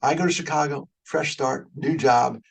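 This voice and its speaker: Gravelly-voiced middle-aged man speaker. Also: fairly high pitch, fairly even intonation, moderate pace, low-quality recording. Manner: conversational and joking, openly emotional. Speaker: guest speaker. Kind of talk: webinar talk.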